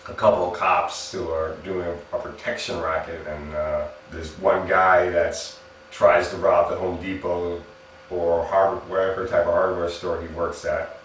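A man's voice: sits low, little pitch movement, a little slow, a bit bright, a little hiss or hum. A man giving a casual spoken movie review, chatty and laughing at his own jokes, with frequent restarts. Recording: echoey room, mic at a distance.

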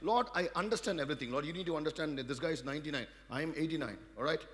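A male pastor with an Indian English accent, preaching a sermon and calling for responses, moving from quiet asides to loud emphatic peaks. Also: a little high, racing. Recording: long hall reverb.

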